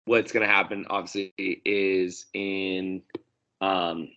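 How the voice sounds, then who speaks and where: Low-voiced man on lo-fi podcast audio. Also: flat delivery, pushed and bright. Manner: laughs easily, quick quips. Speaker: podcast co-host. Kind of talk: casual history chat. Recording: dull lo-fi sound.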